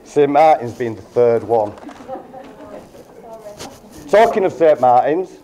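Mellow-voiced man toasting. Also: fairly high pitch. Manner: dry joking, reading from notes. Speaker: groom's father giving a wedding speech. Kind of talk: wedding toast speech. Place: wedding reception room.

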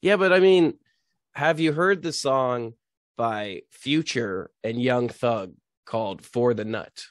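A man in loose comedy podcast banter, teasing his co-host and sounding incredulous. His voice is mid-pitched. The sound is dry and close. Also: slow pace, no echo.

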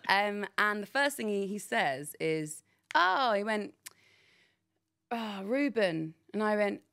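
A woman, telling animated stories in a casual podcast chat. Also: normal speed, clear, resonant tone. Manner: animated, laughing, quotes people with big pitch jumps. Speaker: guest, sports presenter.

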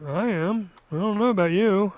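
A man's voice: high-pitched, moderate pace, a little mellow, dull audio. A man in easygoing, jokey casual chat while playing a game with friends. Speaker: fellow player.

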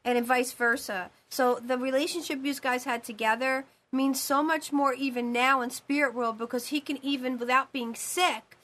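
A woman's voice: sits high, fairly even intonation, moderate pace, few pauses, a bit bright. A woman hosting a live call-in show as a psychic medium, talking in a rambling, emphatic way with many repeated phrases.

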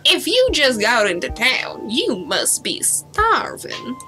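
A woman's voice: fairly high pitch, wildly swooping pitch, slow pace, pushed and bright, faint music behind, exaggerated voice. A woman voicing a prickly older woman from a game, with a put-on Southern US accent and a drawling, wry delivery. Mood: hospitable.

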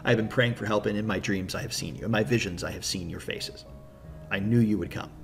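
A man's voice: lowish voice, fairly quick, gravelly, recorded from a distance, over music. A man voicing a big bearded bishop, earnest and prophetic, speaking solemnly and repeating himself.

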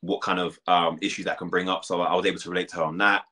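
Guest: young British man, very low voice, fast and candid chat. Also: little pitch movement, pushed and bright. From United Kingdom. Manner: candid, quick, uses many fillers and restarts. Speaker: reality show contestant, guest. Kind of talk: casual interview chat.

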